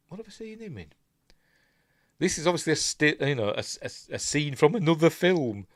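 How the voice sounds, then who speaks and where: A man's voice: a little high, no room sound, studio quality. A man with a Yorkshire accent rambling casually through a film breakdown, often trailing off and mumbling asides. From England. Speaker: film reviewer.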